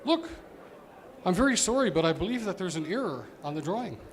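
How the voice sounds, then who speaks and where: A man's voice: high voice, big pitch swings, fairly quick, in a large hall. A man voicing an overly polite, apologetic male mining engineer in a joke. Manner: apologetic, courteous.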